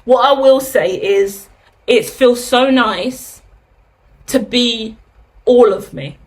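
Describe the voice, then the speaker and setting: A woman's voice: fairly high pitch, takes it slowly. A woman in her thirties giving a candid, chatty tarot reading, asking herself rhetorical questions and swearing freely. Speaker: tarot reader. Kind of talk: casual tarot reading monologue.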